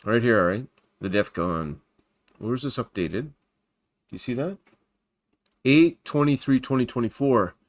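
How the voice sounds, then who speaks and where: A man's voice: mid-range voice, measured pace, long pauses. Chatty man hosting a livestream. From Canada. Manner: chatty and rambling, greets viewers by name. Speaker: Christian livestream host. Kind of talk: casual livestream, reading news off screen. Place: at home by his computer.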